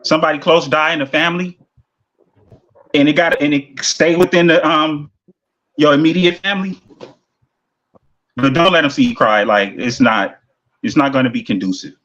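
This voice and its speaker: A man's voice: a little high, fairly even intonation, moderate pace, pauses often, fairly bright tone, lo-fi sound. A man co-hosting a podcast who provokes and teases the others in a casual debate. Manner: teasing, provocative. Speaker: podcast co-host.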